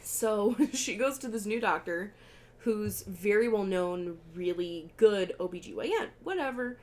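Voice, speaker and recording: A woman's voice: medium pitch, a little slow. Young woman animatedly retelling a film. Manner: animated retelling that acts out characters' lines, swearing freely. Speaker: podcast co-host. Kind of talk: casual chat recapping a film.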